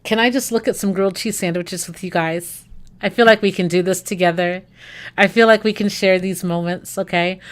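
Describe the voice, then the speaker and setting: A medium-pitched woman's voice holds a steady tone at normal speed. She hosts a livestream from the United States, enthusing about food in a casual, rambling chat with viewers, with fillers and self-corrections throughout.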